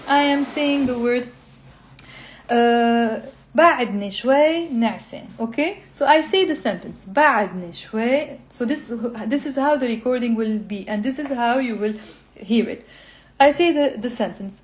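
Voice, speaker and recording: Woman teaching, slow model phrases. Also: a little high, a little mellow. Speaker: language teacher. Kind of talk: explaining a textbook to learners.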